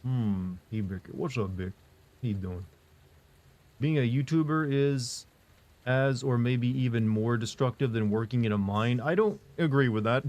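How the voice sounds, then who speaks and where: A man streaming live who answers chat in a casual, monotone, rambling way, full of fillers and restarts. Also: mid-range voice, unhurried. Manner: monotone, flat delivery.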